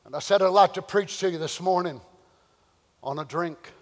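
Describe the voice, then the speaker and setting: An older man preaching a sermon, swinging between loud shouting and quiet storytelling. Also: high-pitched, normal speed, long reverb tail. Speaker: pastor.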